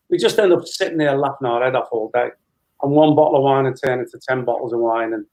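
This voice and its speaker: A man's voice: on the high side, a little mellow, low-quality recording. A man in his fifties, a guest telling a long casual anecdote and acting out dialogue as he goes. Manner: chatty storyteller, re-enacting dialogue with laughs.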